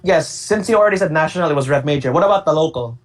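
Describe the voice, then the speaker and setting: A man co-hosting a casual chat, asking questions in a relaxed, teasing way. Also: on the high side, very fast. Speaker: podcast co-host.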